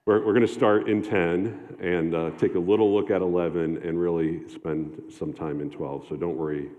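A man preaching a sermon as a pastor, talking conversationally with halting restarts and fillers. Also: low voice, dark tone. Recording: long hall reverb, dull lo-fi sound.

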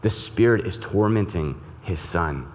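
A man preaching with a low, deep voice, earnest and emphatic, often doubling back on a word as he builds his point. A long reverb hangs after each phrase, as in a large church sanctuary. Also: lively intonation, a little slow, darkish tone. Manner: earnest, emphatic, repeats words. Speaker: pastor. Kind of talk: sermon with scripture reading.

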